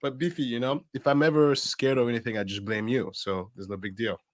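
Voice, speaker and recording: A man's voice: mid-range voice, fairly even intonation, fairly quick, no echo, clean studio sound. A man co-hosting a podcast, chatting in a jokey, self-mocking way. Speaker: podcast co-host. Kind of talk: casual podcast chat.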